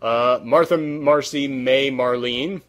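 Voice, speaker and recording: Sitting in a hot room with no air conditioning, a podcast host talks slowly at a medium pitch. He's tired and his voice is sore, so the casual chat rambles as he hunts for words.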